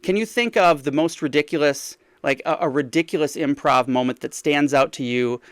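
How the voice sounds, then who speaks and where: A man's voice: on the high side, moderate pace, no echo. A man hosting a podcast in casual chat, talking in a rambling, hesitant way with many restarts. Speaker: podcast host.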